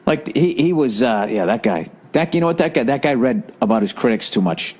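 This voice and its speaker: A man's voice: medium pitch, lively intonation, fairly quick, a little mellow, husky. A man hosting a podcast, delivering a rambling, profane, exasperated comedic rant. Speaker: podcast host.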